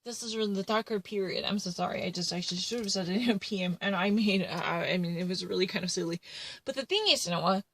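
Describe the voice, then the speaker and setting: A woman's voice: mid-range voice, fast, fairly bright tone, a little hiss or hum, low-quality recording. A woman retelling a true crime case in casual commentary, rambling and full of fillers and self-corrections.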